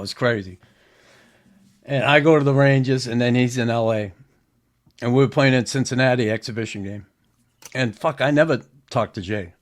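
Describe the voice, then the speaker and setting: Blunt, swearing podcast host. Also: male voice, mid-range voice. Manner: blunt and profane, rambling recollection. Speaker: podcast host, former hockey player. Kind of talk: casual podcast conversation.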